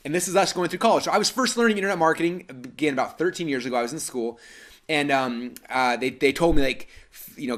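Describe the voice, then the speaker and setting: A man in his thirties from Idaho, presenting a live webinar and telling a story in a fast, animated way with many fillers and restarts. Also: mid-range voice. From Idaho, USA.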